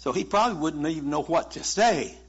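A man's voice: on the high side, animated, fairly quick, husky. A man preaching a sermon in a folksy, conversational way, chuckling now and then. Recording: muffled lo-fi sermon recording.

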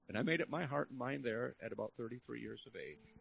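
A man's voice: mid-range voice, expressive, quick pace, gravelly, lo-fi sound, a little hiss or hum. An older man preaching a storytelling sermon in a church service, earnest and building to fervent exhortation.

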